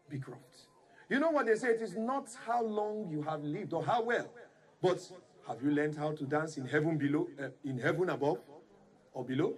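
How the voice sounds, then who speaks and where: A man's voice: fairly high pitch, close to an everyday voice. An actor with a Nigerian accent playing a showy, boastful male master of ceremonies at a celebration, teasing in a grand announcer style. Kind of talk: film drama acting.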